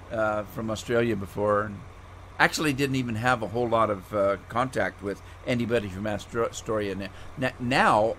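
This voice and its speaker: A man's voice: medium pitch, a bit bright, a little hiss or hum. A middle-aged man from the United States, a live streamer chatting with viewers by name as he plays a farming game, rambling and easygoing. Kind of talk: casual chat while playing a farming game.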